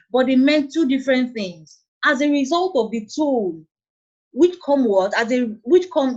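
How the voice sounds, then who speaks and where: Nigerian woman teacher, fairly high voice, patient, repeats points; dull lo-fi online audio. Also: darkish tone, husky. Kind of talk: online English lesson.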